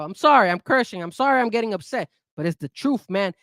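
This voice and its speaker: A man's voice: fast, hardly any pauses, no echo, clean studio sound. A man hosting a casual sports talk show, getting heated and cursing as he rants about his team. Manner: heated, cursing, lively swings in pitch. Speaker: show host.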